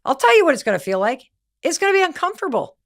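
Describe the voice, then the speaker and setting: A middle-aged woman with a fairly high voice gives a motivational talk. She speaks candidly and with emphasis. She tells personal stories and acts out other people's words. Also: big pitch swings, very fast. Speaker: podcast host and speaker.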